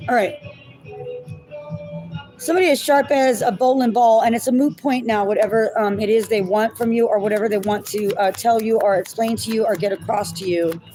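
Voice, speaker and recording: A woman's voice: fairly high pitch, steady tone, a little fast, dark tone, soft background music, low-quality recording. A woman giving a casual tarot reading to her viewers, chatty, thinking aloud and laughing at herself as she goes. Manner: addresses viewers as y'all and my loves. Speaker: tarot reader.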